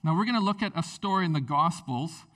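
A man preaching a conversational sermon, telling stories in a lively way. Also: a little high, fast talker, recorded from a distance. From Canada. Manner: conversational, animated storytelling. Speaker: pastor.

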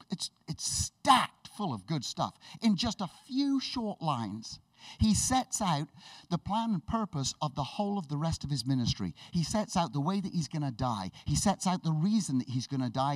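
A man preaching a sermon with enthusiastic, animated storytelling, laughing and restarting as he goes. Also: fairly high pitch, no room sound, far from the mic.

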